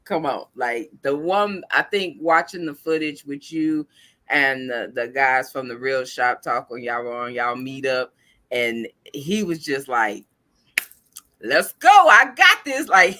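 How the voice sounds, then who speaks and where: A woman's voice: a bass voice, animated, measured pace, sharp tone. A woman hosting a podcast, chatting casually and acting out family stories with lots of quoted dialogue. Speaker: podcast host. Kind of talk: casual chat.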